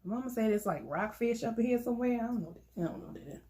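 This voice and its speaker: A woman's voice: a little high, lively intonation, fast talker, mellow. Chatty woman mukbang vlogger. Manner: chatty, playful, laughs often. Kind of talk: casual chat while eating.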